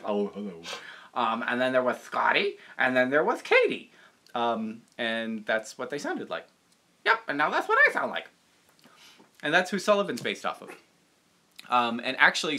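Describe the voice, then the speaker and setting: A young puppeteer from the Boston area chats casually on a livestream, rambling and poking fun at himself. His voice is bright and lively, swinging up and down a lot as he talks. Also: mid-range voice. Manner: rambling, self-deprecating, quick to jump into voices.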